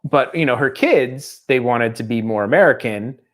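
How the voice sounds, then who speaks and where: A middle-aged man co-hosting a podcast in casual chat, telling stories with lively tangents. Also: medium pitch, moderate pace. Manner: animated storyteller, slips into mock accents. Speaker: podcast co-host.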